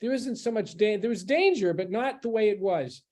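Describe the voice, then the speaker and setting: A man giving a public lecture at a library as a guest speaker, explaining in a conversational way with pauses and restarts. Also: high voice, darkish tone.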